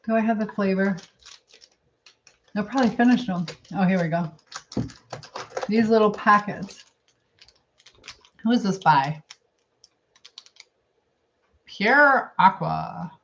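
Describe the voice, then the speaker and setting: A middle-aged woman hosting a casual livestream, chatting with viewers and rambling as she eats and reads comments. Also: mid-range voice. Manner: chatty, rambling, thinks aloud while eating. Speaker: livestream host. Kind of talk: casual live chat reading comments. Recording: dull lo-fi stream audio.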